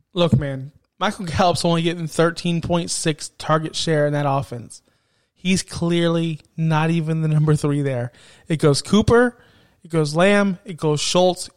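Man, podcast host, high voice, heated emphatic rant, swears. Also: clear, resonant tone. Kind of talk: fantasy football podcast rant.

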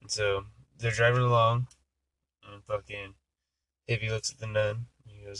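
A man's voice: fairly low pitch, little pitch movement, normal speed, sharp tone, no echo, rough recording. Rambling man telling a crude joke. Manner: rambling, profane, many fillers. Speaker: podcast co-host. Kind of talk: casual chat and joke telling.

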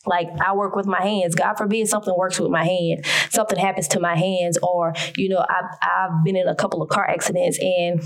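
A woman's voice: fairly low pitch, flat delivery, a little fast. A woman with a Southern American accent hosting her own podcast, talking casually in a folksy, emphatic, preachy way. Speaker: podcast host. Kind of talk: casual solo podcast talk.

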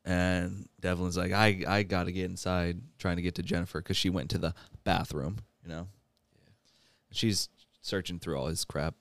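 Low-voiced guy retelling a movie plot, chuckling a lot, dry close sound. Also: fairly even intonation, moderate pace, no room sound. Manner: laughs often while retelling. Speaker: podcast host. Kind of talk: casual movie recap.

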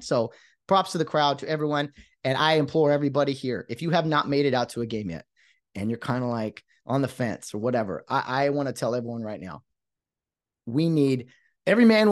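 A fired-up man hosts a podcast in a dry, close recording, his pitch sitting in a middle range. He talks emphatically and rambles, restarting his sentences as the energy carries him. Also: no room sound. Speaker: podcast host. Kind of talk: excited podcast monologue.

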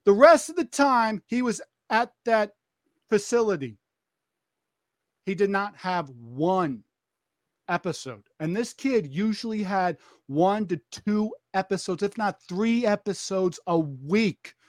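A woman, a former corrections officer, telling her testimony as a podcast guest in an animated way, acting out the voices she quotes. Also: medium pitch, takes it slowly, no echo, studio quality. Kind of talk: testimony storytelling.

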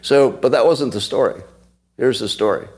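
A man's voice: medium pitch, normal speed, a little mellow, slightly rough. A man in his sixties hosting a casual livestream, chatting and laughing as he tells stories to viewers. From United States. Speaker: podcast host.

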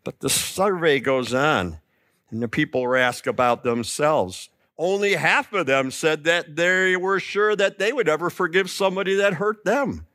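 A man preaching a sermon, telling the story with lively emphasis and acting out the quoted lines. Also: on the high side, normal speed, no room sound, studio quality. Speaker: pastor.

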